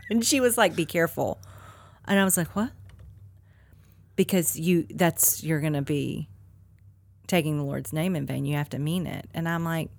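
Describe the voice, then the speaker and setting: A middle-aged woman in a casual faith conversation, candid and animated, often laughing as she tells stories. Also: fairly low pitch.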